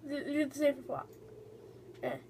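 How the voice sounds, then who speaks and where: A young woman giving excitable, giggly let's-play commentary on a game, chatting to her viewers as she plays. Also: high-pitched, moderate pace, a little hiss or hum. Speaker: gaming video host.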